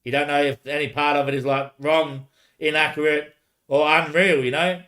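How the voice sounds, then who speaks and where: A man's voice: on the high side, steady tone, moderate pace, bright, forceful tone. A man streaming alone, rambling and answering himself back and forth, dropping "mate" and laughing often. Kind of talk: rambling solo livestream talk.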